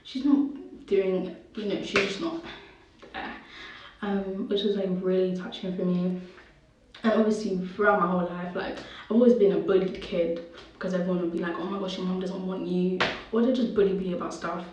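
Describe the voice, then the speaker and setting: A young woman, telling a personal story haltingly and with emotion, her speech full of "like". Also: medium pitch, fairly even intonation, recorded from a distance, muffled recording, noisy background. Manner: halting, heavy use of "like", emotional. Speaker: vlogger. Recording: very echoey room, voice off the mic.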